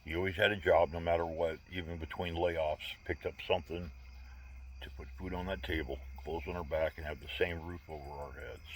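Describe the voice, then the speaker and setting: Older man in his 60s, extremely deep voice, candid rambling storyteller; faint crickets behind. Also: steady tone, a little fast, a little hiss or hum. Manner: candid, rambling, with wry humor. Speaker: vlogger. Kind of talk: casual personal storytelling.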